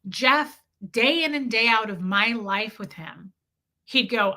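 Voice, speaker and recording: A woman's voice: a little high, animated, slow pace, sharp tone. A woman hosting a livestream, telling a personal story with emphasis and greeting her chat along the way. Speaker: livestream host.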